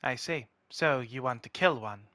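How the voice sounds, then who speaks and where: Bright-voiced man, blunt and dry. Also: medium pitch, unhurried, no echo. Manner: blunt, dry, matter-of-fact. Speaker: player. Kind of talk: tabletop role-play in character.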